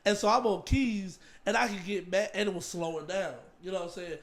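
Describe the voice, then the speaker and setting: A man who plays keys in church, telling stories in casual podcast chat, animated and laughing often. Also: high-pitched, fairly quick. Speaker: church keyboard player.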